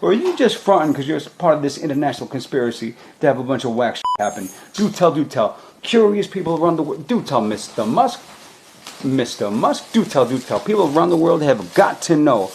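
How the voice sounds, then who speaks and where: A man with a slightly high, gravelly voice delivers a rambling comedic rant full of slang. He talks outdoors on a city street, with faint traffic noise behind him. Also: sing-song, fairly quick. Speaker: comedic host.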